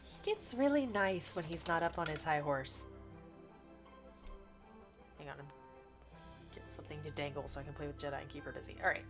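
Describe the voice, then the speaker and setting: A woman's voice: deep voice, brisk, pauses often, over music. A woman streamer giving chatty, rambling let's play commentary, thinking aloud as she plays. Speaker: gaming streamer.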